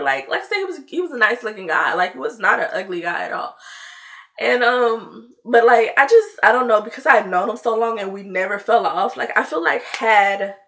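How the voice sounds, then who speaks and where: A young woman telling a storytime tale to her viewers in a loose, chatty way, full of "like" and "you know", and lively when she acts out her own lines. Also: a little high. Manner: animated when mimicking herself in dialogue. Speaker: vlogger. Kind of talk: casual storytime chat.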